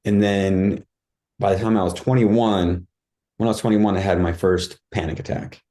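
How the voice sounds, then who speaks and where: A man's voice: low-pitched, steady tone, moderate pace, warm tone. A man guest on a podcast, telling his life story in a candid, rambling way with many fillers and restarts. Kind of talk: casual storytelling.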